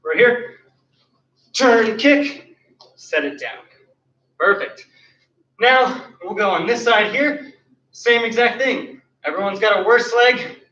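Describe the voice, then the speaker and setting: Breathless from demonstrating kicks, a martial arts instructor teaches an online class, counting moves and calling out cues with lively intonation at a slow pace, pausing often. His high, bright voice sounds far off in a roomy studio, captured in a dull recording.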